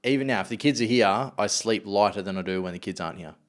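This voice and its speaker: A man's voice: on the low side, fast talker. A man hosting a casual podcast, laid-back, laughing easily and swearing casually. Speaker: podcast host.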